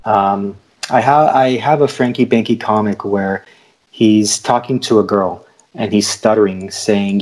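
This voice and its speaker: A man talks as a guest on a video call in a husky, breathy voice. He stutters and repeats syllables as he speaks, and he laughs often. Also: lowish voice, unhurried, a little mellow, rough recording. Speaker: guest cartoonist and podcaster. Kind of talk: casual video-call interview.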